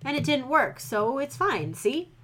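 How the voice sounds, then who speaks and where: A woman voices a cheerful, wisecracking male army surgeon with a breezy manner. She uses an exaggerated, high voice pitched above her own, with big pitch swings, a slightly slow pace and a somewhat bright sound.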